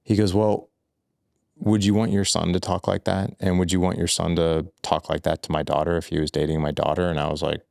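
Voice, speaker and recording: A man with a very low voice and a gravelly edge, sitting as a podcast guest. He tells his story loosely and candidly, repeating "like" and "I was like". The sound is dry and close. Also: level tone, fairly quick, a little mellow, no echo. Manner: loose and repetitive, full of "like" and "I was like". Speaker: podcast guest, fatherhood coach.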